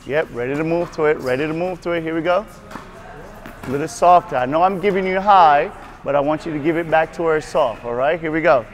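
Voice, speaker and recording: A man coaching a tennis class on court, giving brisk repeated cues and frequent praise. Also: fairly high pitch, faint music behind. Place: tennis court at a racquet club.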